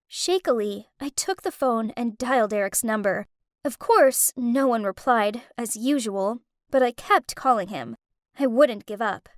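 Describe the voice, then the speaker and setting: A woman narrating a first-person animated story in a dramatic, emotional way. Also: a little high, a little slow, no echo, clean studio sound.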